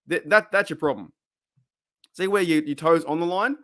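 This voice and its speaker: A young Australian man hosting a live-streamed fan show, chatting excitably and rambling with many restarts. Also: on the high side, moderate pace, dry recording, studio quality. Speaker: fan podcast host.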